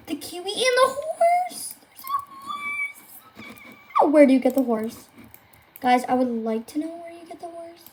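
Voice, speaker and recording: A woman commentating live gameplay to her viewers, gushing and excitable, often squealing and exclaiming. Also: high voice, slight background noise. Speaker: game streamer.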